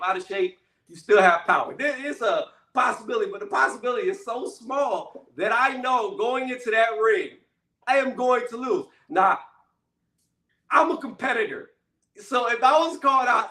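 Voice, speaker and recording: High, bright-voiced man ranting casually. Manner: blunt, emphatic, repeats "okay" and "right". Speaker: channel host. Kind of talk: casual commentary rant. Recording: echoey room, mic at a distance.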